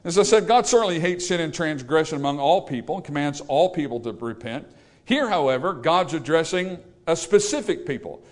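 Male pastor, slightly high voice, emphatic sermon delivery, asks the church questions. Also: animated, brisk. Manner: emphatic preaching with rhetorical questions to the congregation. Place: church service.

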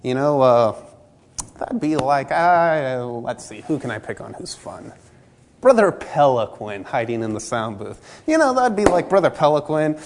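A man delivers a sermon in a relaxed, conversational manner. His voice sits at an ordinary middle pitch. He drifts in and out of little acted-out dialogues to make his point. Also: a little slow, a little hiss or hum. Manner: conversational, acts out dialogue in anecdotes. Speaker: preacher.

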